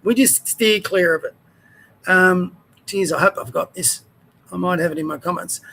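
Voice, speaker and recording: A man's voice: sits high, normal speed, creaky, sharp tone. An Australian man hosting his own show, ranting in a heated, rambling way and trailing off mid-sentence. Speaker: show host. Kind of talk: ranting commentary.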